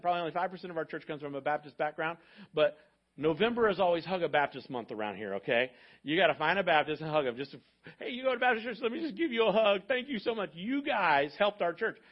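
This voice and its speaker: In a church sanctuary, a middle-aged pastor tells stories in a sermon, conversational and throwing joking asides to the congregation. His voice is fairly high, and the audio is dull.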